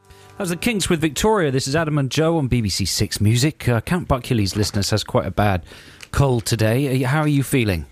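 A man's voice: mid-range voice, lively intonation, fairly quick. A man hosting a radio show, teasing his co-host in playful chat. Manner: playful, teasing, sudden voices. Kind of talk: casual banter. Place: radio studio.

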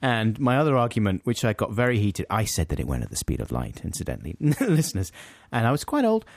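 A man's voice: on the low side, huge pitch swings, quick pace, gravelly, no echo. A man co-hosting a podcast in casual, playful chat, laughing often. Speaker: podcast co-host.

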